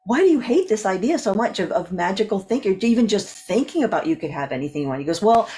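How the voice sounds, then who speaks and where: A woman coach and speaker, guest on an interview show, telling a story with lively acted-out dialogue. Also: mid-range voice, quick pace. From California. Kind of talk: animated storytelling in conversation.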